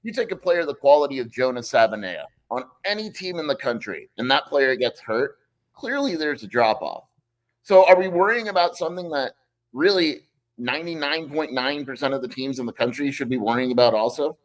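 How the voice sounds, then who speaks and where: A man's voice: mid-range voice, lively intonation, fairly quick, low-quality recording. A man co-hosting a live sports talk show, blunt and matter-of-fact.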